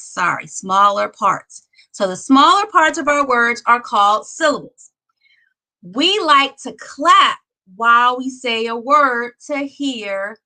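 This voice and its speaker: A woman's voice: a little high, bright, forceful tone, poor audio. A woman teaching a kindergarten lesson, patient and repeating each word as she claps out its syllables. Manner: patient, repeats words while clapping syllables. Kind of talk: children's lesson.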